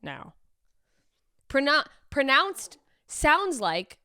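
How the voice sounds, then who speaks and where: Woman comic host, expressive and incredulous, swears a lot, dry studio sound. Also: medium pitch, normal speed, no echo. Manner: animated, profane, incredulous riffing. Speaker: comedian podcast host. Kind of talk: casual comedic chat.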